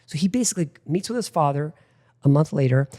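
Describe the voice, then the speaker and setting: Middle-aged male talk host, chatty storyteller, voice sits a touch high. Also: fast. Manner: animated anecdotal storyteller with frequent "like". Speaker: podcast host. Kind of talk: casual interview storytelling.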